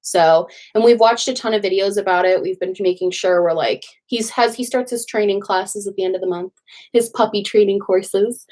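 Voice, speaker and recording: A woman's voice: medium pitch, moderate pace, a little mellow. A young woman hosting a casual livestream from home, bubbly and gushing as she greets viewers and chats with lots of fillers. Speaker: livestream host.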